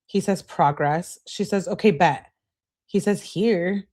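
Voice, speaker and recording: A woman's voice: on the low side, slow, darkish tone. A woman hosting a true crime channel, reading text messages aloud and adding emphatic, exasperated asides.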